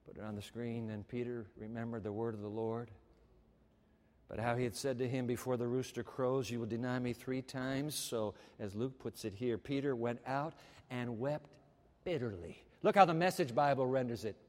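A man preaching a sermon, dramatic, swinging between loud exclamations and hushed, tender passages. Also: medium pitch, steady tone, moderate pace, long reverb tail.

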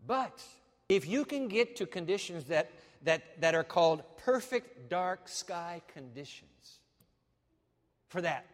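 A man preaching a sermon as pastor, animated, swinging from loud declarations to hushed asides. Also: high-pitched, slow, in a large hall.

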